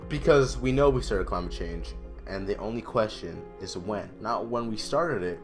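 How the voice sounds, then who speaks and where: A teenage boy talks through a school-project vlog in a lowish voice. He is chatty and emphatic, and he breaks off for restarts and asides. Faint music plays underneath. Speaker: student presenter. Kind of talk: casual explainer vlog.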